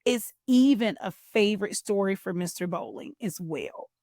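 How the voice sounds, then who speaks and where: A middle-aged woman hosting a children's storytime and reading a picture book aloud with an animated, expressive teacher's manner. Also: medium pitch, moderate pace, no echo, clean studio sound. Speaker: host and children's story reader.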